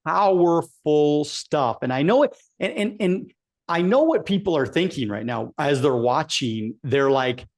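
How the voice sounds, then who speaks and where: A man's voice: on the high side, expressive, a little slow. A man in his forties hosting a podcast, reacting enthusiastically and emphatically to his guest. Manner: enthusiastic, emphatic, casual swearing. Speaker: podcast host. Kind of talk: casual interview chat.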